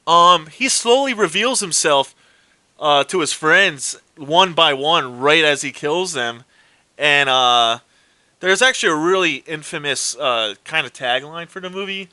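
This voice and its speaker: A man with a fairly high, bright voice retells horror movie plots in a casual chat. He acts out the characters' lines and swears freely. The sound is dry and close. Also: measured pace, dry recording. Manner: animated storytelling with swearing and acted quotes. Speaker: co-host.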